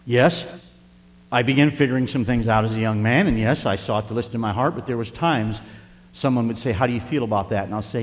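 An older man preaching a folksy sermon as pastor, rising to loud emphasis and dropping to quiet asides. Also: mid-range voice, fairly quick, long reverb tail. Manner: folksy, varies loudness for emphasis, occasional chuckles.

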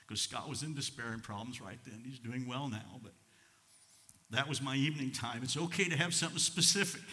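A middle-aged American man preaching a sermon as pastor, swinging between loud fervent passages and quiet low asides. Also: moderate pace. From United States. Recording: long reverb of a large hall.

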